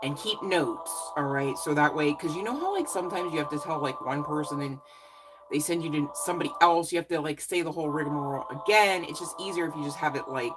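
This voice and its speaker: Low-pitched woman psychic reader, warm-hearted cheerleading chat, music underneath. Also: quick pace, rough recording. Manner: effusive, encouraging, chatty with many fillers. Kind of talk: casual live reading chat.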